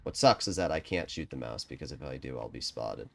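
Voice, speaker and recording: Streamer, male, lively pitch, swings from quiet planning to loud swearing rants. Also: brisk, vocal fry. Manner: frustrated ranting, swears often; quiet, low-key strategy talk. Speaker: gaming streamer. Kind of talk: live game commentary.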